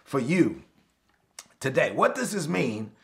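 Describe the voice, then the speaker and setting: A man preaching an online sermon, addressing listeners directly and building his points through lively repetition and calls for responses. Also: fairly high pitch, slow pace. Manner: speaks directly to congregation, asks for responses.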